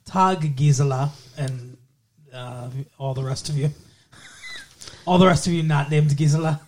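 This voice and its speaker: A man's voice: fairly high pitch, expressive, slow pace, pauses often, darkish tone. A man co-hosting a podcast in casual, teasing chat with his fiancée, chuckling often. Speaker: podcast co-host.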